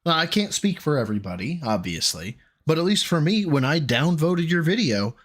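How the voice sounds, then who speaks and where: A man's voice: a little high, big pitch swings, moderate pace, a bit bright. A man hosting a live stream, ranting bluntly and swearing, reading out donations between rants. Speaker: streamer host.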